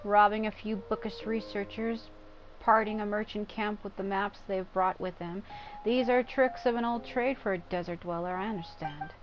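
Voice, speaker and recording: A woman's voice: medium pitch, steady tone, moderate pace, noisy background, natural voice. A woman voicing a stern desert clan matriarch. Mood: formal. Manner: formal, commanding. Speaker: tribe leader.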